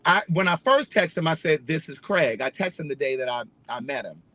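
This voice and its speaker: A man's voice: a little high, animated, a little fast, sharp tone. A man vlogging a casual, emphatic, profane story straight to his viewers, voicing indignation at everyday hassles. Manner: addresses viewers directly.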